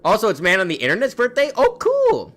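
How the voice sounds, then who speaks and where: A man's voice: high voice, sing-song, fast talker, sharp tone, faint music behind. A young man streaming a game in casual chat, rambling and restarting his words, with a slightly sore throat. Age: young adult.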